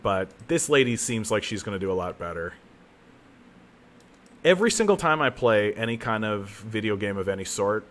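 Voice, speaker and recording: A man in a slightly low register rambles through a game stream from his home setup. He mocks himself and jumps into excited bursts as the game goes on. He talks into a desk mic at home. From Canada. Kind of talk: casual gaming commentary. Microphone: new desk mic.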